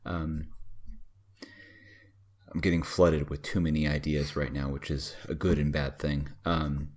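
A man with a very low voice talks through his thoughts in a casual chat. He hesitates often and leans on fillers. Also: flat delivery, a little mellow, breathy edge. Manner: halting, filler-heavy, reflective.

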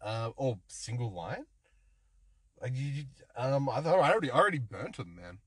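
A man's voice: mid-range voice, very animated, normal speed, a bit bright, slightly rough, no room sound. A man co-hosting a casual film chat, bantering and joking, from a car parked outside a bar. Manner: joking banter, laughs often. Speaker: podcast co-host.

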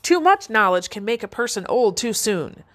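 A woman's voice: a little high, very animated, moderate pace, fairly bright tone. Woman putting on Baba Yaga, a sneering old witch. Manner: sneering, barking, screeching.

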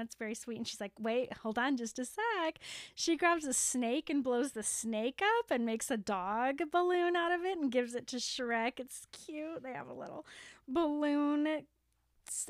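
A woman's voice: fairly high pitch, no room sound, studio quality. A young woman casually retelling a film's plot, acting out the characters' lines and filling her talk with "like". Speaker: podcast co-host retelling a film. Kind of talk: casual chat, recapping a film plot.

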